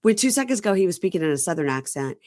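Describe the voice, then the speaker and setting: A woman from Mississippi hosting a casual chat, animated and mimicking the people she quotes. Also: on the low side, rapid-fire, no room sound, studio quality. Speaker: podcast host. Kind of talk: casual chat recapping reality TV.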